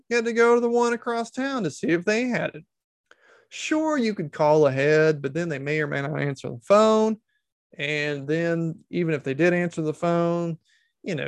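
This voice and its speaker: A man's voice: on the high side, gravelly, dry recording. A man giving casual comedic commentary, sarcastic and incredulous, swearing freely.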